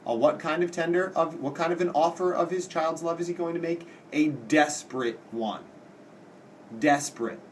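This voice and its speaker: A man's voice: fairly high pitch, little pitch movement, distant mic, a little hiss or hum. Man teaching, heard from across the room. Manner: explains plainly and reads quoted lines slowly and dramatically. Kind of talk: casual classroom-style lecture.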